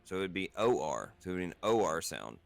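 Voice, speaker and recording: A man's voice: low voice, big pitch swings, fast talker, gravelly, no room sound. A man playing a tabletop game, joking playfully with the table. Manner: playful, explains with laughter. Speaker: player.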